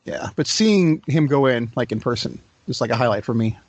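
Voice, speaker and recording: A man's voice: mid-range voice, lively intonation, fairly quick, no room sound, lo-fi sound. A man co-hosting a casual wrestling podcast, teasing his partner and laughing often. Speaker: podcast co-host.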